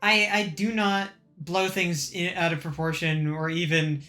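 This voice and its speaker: Young woman podcast host with a lowish voice. Her delivery stays level and unexcited, though she breaks into laughter easily and trips over restarts as she chats casually with friends. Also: measured pace, soft background music. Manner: even-keeled, frequent laughter, many restarts. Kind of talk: casual group chat.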